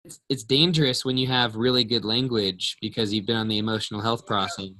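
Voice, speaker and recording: A man co-hosting a casual video-call Q&A as a relationship coach, talking in an animated, emotional way. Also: fairly low pitch, brisk. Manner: animated, emotional retelling with rising intensity. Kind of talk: casual conversational Q&A.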